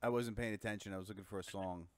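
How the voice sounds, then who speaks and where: A man's voice: lowish voice, fairly even intonation, racing, smooth, dry recording. A man co-hosting a casual live stream, riffing and playing at being indignant. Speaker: co-host.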